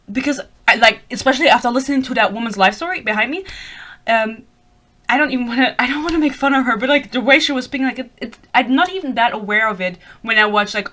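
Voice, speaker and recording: A woman in her twenties from Germany, speaking English with a light German accent, rambling excitedly in a casual book podcast chat and swearing freely. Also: on the high side. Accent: German-influenced English. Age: 20s. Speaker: podcast host.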